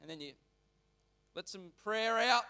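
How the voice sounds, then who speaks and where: A male pastor gives a sermon in church with a fairly high voice. He moves between reading scripture and loose, animated talk, often turning suddenly loud or quiet. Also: measured pace.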